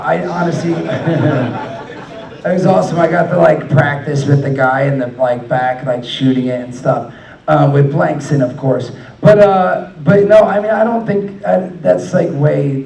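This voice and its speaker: On a convention panel, a guest with a creaky, slightly mellow, fairly high male voice tells loose, rambling, profane stories and laughs often. The mic picks him up from far off in an echoey hall.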